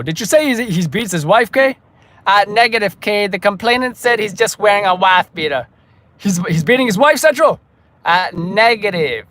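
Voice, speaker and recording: A man's voice: sits high, a bit bright, pitched above the performer's own voice. A man parodying a brash police radio dispatcher who ends every line with clipped radio codes.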